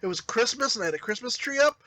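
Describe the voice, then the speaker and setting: A man's voice: very high voice, lively intonation, fast, sharp tone, dry recording, rough recording. A man co-hosting a podcast, telling rambling party anecdotes with frequent restarts. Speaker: podcast co-host. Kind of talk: casual storytelling.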